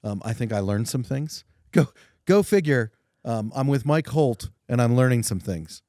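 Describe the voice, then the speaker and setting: A man's voice: mid-range voice, lively intonation, moderate pace, dark tone, no room sound, clean studio sound. A man hosting a trades podcast, asking questions in an enthusiastic, encouraging way with many fillers. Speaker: podcast host. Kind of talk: casual interview.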